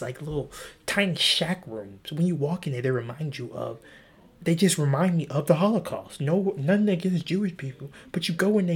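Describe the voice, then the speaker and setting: Husky-voiced young man telling rambling stories. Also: darkish tone. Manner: rambling, swearing, voice jumps high when acting out his own past lines. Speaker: podcast host. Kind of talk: casual solo podcast storytelling.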